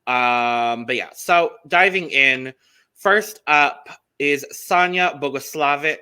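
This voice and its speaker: A man co-hosting a podcast in a casual, chatty way. His voice is bright and smooth, and he keeps things upbeat while filling gaps with ums. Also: on the high side, takes it slowly. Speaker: podcast co-host.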